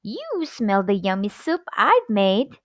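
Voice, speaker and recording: A bossy giantess from a storybook, as a woman narrator puts her on, scolding in a high, brisk voice. Her pitch jumps about with lively range. The sound is close and dry. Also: no room sound. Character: giant's wife, big, bossy, sharp-tongued.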